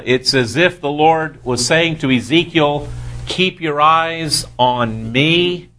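A man teaching a verse-by-verse Bible study, reading scripture aloud and pausing to explain it with careful, deliberate emphasis. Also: mid-range voice, fairly bright tone.

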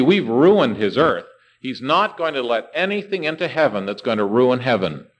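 A man preaching a sermon with a lively, rising and falling pitch. He keeps asking rhetorical questions and slows right down to stress the key words. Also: low-quality recording.

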